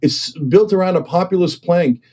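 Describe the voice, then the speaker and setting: Man, emphatic political talk, mellow dark tone, fairly high-pitched, persuasive. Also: moderate pace. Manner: emphatic, persuasive, repeats "okay?" and "right?"; acts out other people's voices when quoting them. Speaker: political commentator and guest. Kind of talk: impassioned political discussion.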